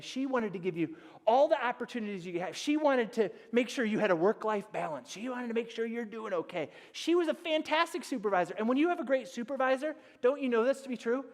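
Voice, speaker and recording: A man preaching a sermon as pastor, animated and storytelling, acting out little scenes and dropping to a hush on key points. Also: very high voice. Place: church sanctuary. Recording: church hall reverb.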